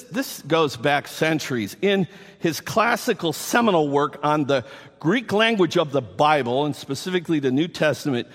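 A man preaching a sermon, emphatic and animated, with playful asides to the congregation. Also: medium pitch. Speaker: pastor. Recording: long hall reverb.

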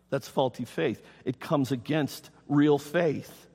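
A man's voice: medium pitch, takes it slowly, few pauses, darkish tone, breathy edge. A man preaching a sermon as pastor to his congregation, reading scripture aloud and speaking directly to the people. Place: church. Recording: reverberant hall.

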